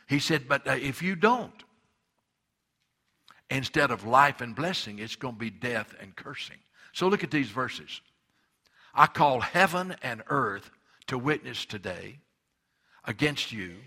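Male pastor, sermon delivery, slow and deliberate, bright forceful tone, emphatic pauses. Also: medium pitch, very animated, husky. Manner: emphatic preaching with dramatic pauses.

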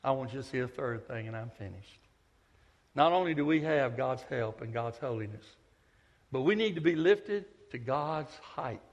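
A man preaching a sermon, telling stories with big swings from loud to hushed. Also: medium pitch, expressive, moderate pace. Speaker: pastor, visiting preacher. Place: church sanctuary. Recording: echoey church hall.

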